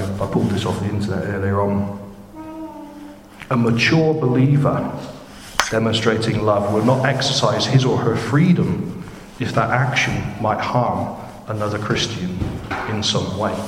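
A man delivers an informal sermon with a fairly low voice, talking to his congregation as if in a chat and checking in with quick questions. The recording is roomy, with a long hall reverb and steady noise underneath. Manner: chatty, conversational, asks the congregation questions. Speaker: preacher. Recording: echoey hall with background noise.

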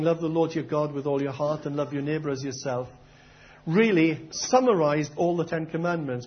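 Man preaching a questioning sermon, lo-fi. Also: a little high. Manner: earnest, questioning, conversational preaching. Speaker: pastor.

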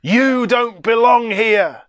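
A man voicing a young bridegroom who speaks in a strong, commanding voice that turns gentle. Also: extremely high pitch, slow pace, dry recording, lo-fi sound, voice pushed up, heavily acted. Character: young bridegroom, firm then forgiving.

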